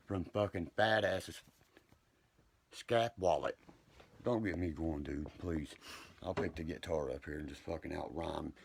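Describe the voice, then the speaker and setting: A man's voice: low-pitched, vocal fry, a little hiss or hum. A man ranting on a livestream, profane, combative and rambling from one point to the next.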